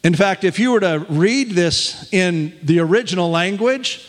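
A man's voice: sits high, expressive, unhurried, in a large hall. An older man preaching a sermon as pastor, folksy and self-deprecating, often chuckling at himself.

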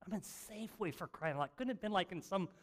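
High-voiced older man preaching casually. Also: animated, fast. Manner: conversational, self-mocking storytelling with frequent restarts. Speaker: pastor. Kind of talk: sermon. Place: church sanctuary.

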